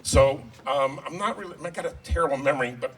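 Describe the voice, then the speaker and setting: At a wedding reception hall, the father of the bride gives a toast in a fairly high, fast, breathy voice. He jokes at his own expense and grows emotional, picked up by a distant mic under loud crowd noise and laughter.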